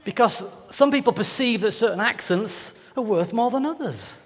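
A man's voice: high-pitched, lively intonation, moderate pace. A man preaching a sermon in a conversational, anecdotal way with playful asides. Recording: reverberant hall.

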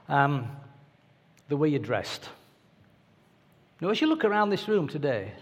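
A man preaching a sermon in a conversational, anecdotal way with playful asides. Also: a little high. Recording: reverberant hall.

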